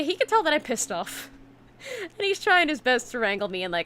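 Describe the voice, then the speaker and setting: A woman streamer talks on a relaxed chat stream from her home setup, her voice sitting in an ordinary middle register. She tells her stories in an animated, chatty way, full of fillers, restarts and asides to her viewers. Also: mid-range voice, fast talker.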